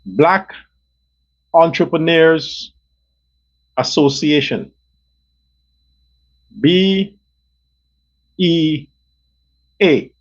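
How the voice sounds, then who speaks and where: A man's voice: fairly high pitch, very slow, long pauses. A man hosting his own show, delivering an angry, profane political rant that repeats and hammers on words. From Guyana. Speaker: show host. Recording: dull lo-fi recording.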